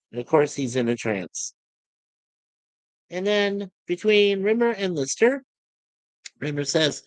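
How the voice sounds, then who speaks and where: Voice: medium pitch, lively intonation, takes it slowly, pauses often, no echo, low-quality recording. A fan casually retelling the plot of a comedy series, quoting the characters' lines with small shifts of voice.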